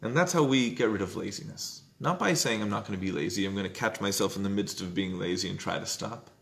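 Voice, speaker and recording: Gravelly and low, a fast-talking man runs an informal Jewish text study class. He's conversational, repeatedly asking "right?" and loudly acting out what people are thinking.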